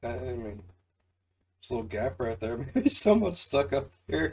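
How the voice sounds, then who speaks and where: A man's voice: medium pitch, very animated, normal speed, slight background noise, low-quality recording. A man hosting a reaction video, chatting casually and joking with lots of fillers.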